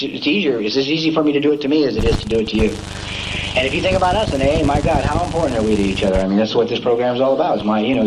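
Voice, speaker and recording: A man's voice: medium pitch, background noise. A man giving a folksy, emphatic storytelling talk at a recovery meeting, peppering it with "man" and "you know".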